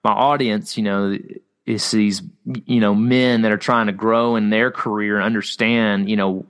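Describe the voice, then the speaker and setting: A male podcast host interviews a guest, asking long, stumbling questions packed with "you know"s and offering encouragement. His voice is lowish, a bit bright and clean, with little pitch movement and a moderate pace.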